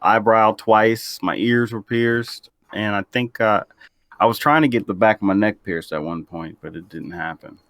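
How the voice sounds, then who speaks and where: A man's voice: fairly low pitch, normal speed, a bit bright, no echo. A man co-hosting a podcast, chatting in an easygoing way. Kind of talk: casual chat.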